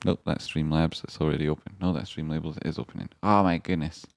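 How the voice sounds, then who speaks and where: A man hosting a live stream in a rambling, excitable way, swearing now and then and swinging between grumbling and hype. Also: extremely low pitch, fast, gravelly, no echo, studio quality. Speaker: stand-in livestream host. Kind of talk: casual live-stream chat.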